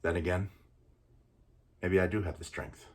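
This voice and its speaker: A man's voice: low voice, level tone, moderate pace, close to an everyday voice. A man doing a scornful defiant young hero. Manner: taunting, scornful. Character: defiant young male hero, weak but bold. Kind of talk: one-man film recital.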